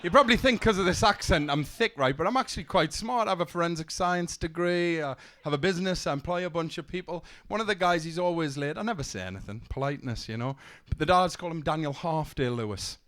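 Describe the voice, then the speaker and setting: A young man doing a stand-up set, telling deadpan one-liners with stumbling restarts, on a comedy club stage. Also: fairly high pitch, quick pace, hardly any pauses. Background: audience laughter.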